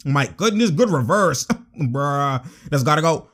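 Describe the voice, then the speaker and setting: A young man giving excitable, slangy basketball reaction commentary and laughing often. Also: fairly high pitch, takes it slowly. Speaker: sports vlogger.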